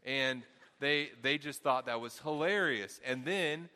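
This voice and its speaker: A middle-aged male pastor with a Southern twang worn down by years in the Midwest. His voice is bright and forceful, and it rings with the long reverb of a large hall. He preaches earnestly and often repeats words as he works through a thought. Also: medium pitch, measured pace. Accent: Southern US, softened by Midwest. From American South. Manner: earnest, repeats words while thinking aloud. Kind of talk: sermon.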